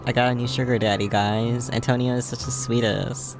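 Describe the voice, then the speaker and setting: A man's voice: mid-range voice, little pitch movement, brisk, hardly any pauses. A tired man hosts a late-night game stream, his voice sitting in an average range. He keeps giggling and teasing his viewers in a casual, playful way. Game music plays behind him. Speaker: livestream host.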